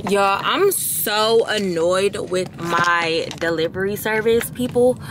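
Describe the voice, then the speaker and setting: A woman's voice: medium pitch, takes it slowly, heavy background noise. A young woman vlogger, talking casually to her viewers while venting and chatting. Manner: chatty, venting, expressive, addresses viewers as y'all. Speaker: lifestyle vlogger. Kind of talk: casual vlog talk to camera.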